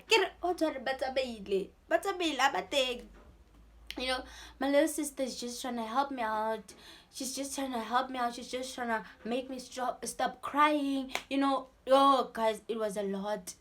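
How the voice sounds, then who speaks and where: A young South African woman with a South African accent, telling a storytime vlog in an animated way and acting out the people in her story. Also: high-pitched, normal speed, slight background noise. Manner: animated storytelling, switching into Sesotho-style phrases and acting out voices. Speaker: vlogger.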